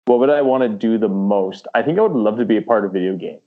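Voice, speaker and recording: A man's voice: lowish voice, quick pace. Rambling man on a dull lo-fi recording. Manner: rambling, with many fillers and restarts, slipping into impressions. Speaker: podcast guest, aspiring voice actor. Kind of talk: casual chat.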